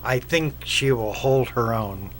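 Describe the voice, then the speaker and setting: Male show host, slow and hesitant delivery. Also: medium pitch, a little hiss or hum. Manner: hesitant, halting, many restarts. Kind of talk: casual chat.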